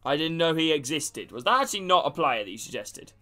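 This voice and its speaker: A man's voice: a little high, sing-song, fairly quick, bright, forceful tone. A man casually commentating a game stream, chatting with viewers and calling them by name. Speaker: gaming streamer.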